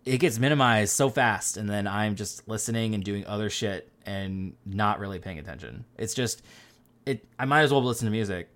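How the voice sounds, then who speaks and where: A man's voice: fairly low pitch, fairly bright tone. A man hosting a podcast, talking in a rambling, casual way, with lots of fillers and offhand swearing. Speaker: podcast host. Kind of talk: casual chat.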